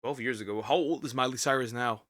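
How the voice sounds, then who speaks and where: A man's voice: mid-range voice, fast, no echo, studio quality. A man hosting a video reaction, talking casually and sarcastically and often tripping over his words. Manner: lively, sarcastic, stumbles and repeats himself. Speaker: VTuber host reacting to a video.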